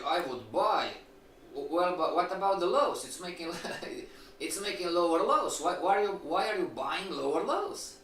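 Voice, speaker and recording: Animated male trading instructor, echoey room. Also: sits high. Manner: animated, rhetorical questions, acts out students' replies. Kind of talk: live-streamed lecture. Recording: echoey room, distant mic, faint noise.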